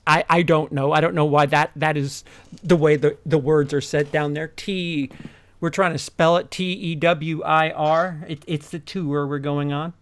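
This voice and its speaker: A man's voice: a little high, fairly bright tone. A man hosts a loose, casual chat on a video call. He talks in fits and starts, repeating words and restarting sentences as he searches for what he means. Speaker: podcast host.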